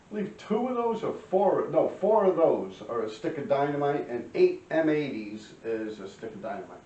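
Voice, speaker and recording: A man, telling profane street stories to camera and clearing his throat often. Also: mid-range voice, dark tone. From New York. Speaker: vlogger telling life stories. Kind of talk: casual storytelling to camera. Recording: roomy, distant, dull-sounding.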